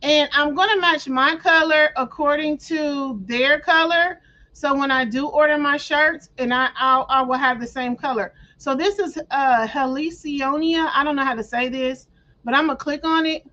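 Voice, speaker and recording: A woman with a high voice hosts a casual screen-share craft tutorial. She chats her viewers through each click with playful slang and clears her throat often. The audio is dull and lo-fi. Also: normal speed, bright, forceful tone.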